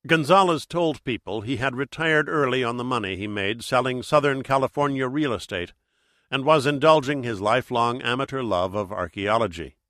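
A man reading an audiobook in steady, measured narration. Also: medium pitch, dry recording, clean studio sound. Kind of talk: scripted narration.

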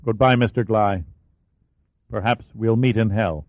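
A man's voice: on the low side, unhurried, no echo. Angry male prime minister, read by a man, hissing, bitter, tinny phone-like sound. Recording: dry, phone-like narrow sound.

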